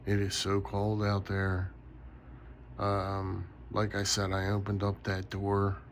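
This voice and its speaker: A man's voice: sits low, monotone, slow pace, slight background noise. A tired man rambling casually in a late-night vlog from his bedroom, yawning often. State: sleepy. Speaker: knife collector vlogger.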